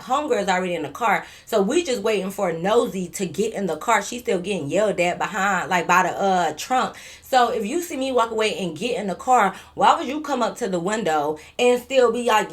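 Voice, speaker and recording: A woman vlogger telling a story in a casual, animated, profane way, repeating herself and stuttering a little. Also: medium pitch.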